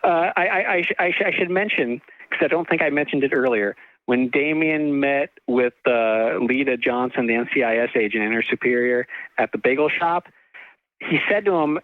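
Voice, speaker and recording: A middle-aged man from California, an author telling a long story in an interview, halting with many restarts and fillers, laughing now and then. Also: mid-range voice, no room sound. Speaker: author and guest. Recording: tinny phone-like line.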